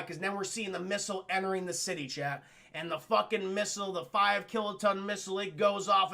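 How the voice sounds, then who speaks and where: High gravelly-voiced streamer man. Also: fairly even intonation, a little fast, bright, forceful tone. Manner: profane, laughing, keeps addressing the chat. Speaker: streamer and film reviewer. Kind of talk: live-stream film recap chat.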